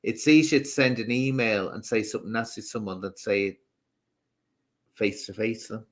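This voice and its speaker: A man's voice: lowish voice, normal speed. A man with a Scouse accent mixed with Southern Irish, hosting a casual live stream, rambling and answering comments from viewers.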